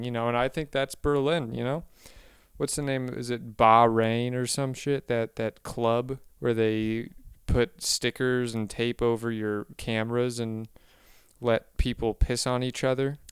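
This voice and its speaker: Man, comedic monologue, rambling, self-correcting, deadpan, very smooth voice, dry close sound. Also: mid-range voice, no room sound.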